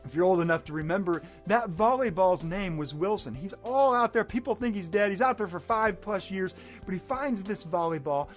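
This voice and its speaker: A middle-aged man speaks as a life coach in a high, light voice. His motivational talk is animated, and he keeps breaking into excited acted-out moments. Faint music plays underneath. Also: normal speed. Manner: animated, acts out scenes in excited bursts.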